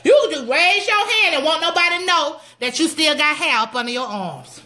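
A middle-aged woman giving sassy, teasing comedic church advice to her viewers, animated and preachy with loud whoops. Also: high voice, moderate pace, noisy background. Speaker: comedic commentator addressing live viewers.

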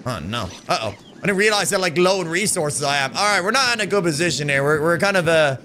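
A British man streaming a shooter game live, excitable and taunting, yelling and laughing as he plays. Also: fairly high pitch, quick pace, a little hiss or hum. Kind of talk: live gameplay commentary.

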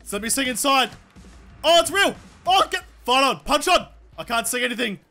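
A high-voiced gaming YouTuber delivers loud, excitable let's-play commentary at a moderate pace, swearing and yelling a lot. His throat sounds sore from all the shouting, and he's on a desk microphone.

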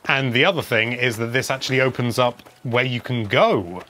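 A man's voice: medium pitch, moderate pace, pushed and bright, slight background noise. A man giving casual, wry commentary over gameplay, chatting and humming as he plays. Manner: wry, chatty, hums while playing. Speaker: game video presenter.

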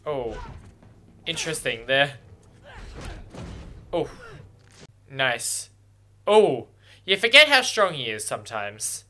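A man hosting a first-watch reaction video, talking excitedly at the screen and swearing freely as he reacts. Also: medium pitch, takes it slowly, pauses often.

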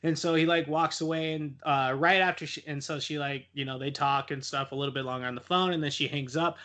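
A man's voice: a little high, fairly even intonation, fairly quick, bright, forceful tone. A young man on a casual podcast, retelling a horror film in a rambling, profane way and laughing often. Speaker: podcast co-host.

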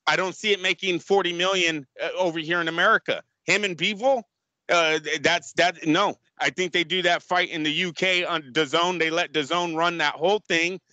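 A man's voice: fairly high pitch, fairly even intonation, normal speed, pushed and bright, dry recording. Blunt, profane male co-host. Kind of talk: casual sports radio chat.

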